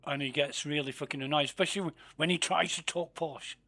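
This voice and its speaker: A man's voice: on the high side, brisk, sharp tone. Sweary, chatty male game streamer. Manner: chatty, sweary, mutters asides under his breath. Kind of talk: casual gameplay commentary.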